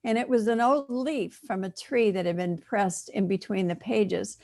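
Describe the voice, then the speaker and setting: A middle-aged woman minister delivering a sermon, telling stories gently and with humor. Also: medium pitch, moderate pace. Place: church sanctuary.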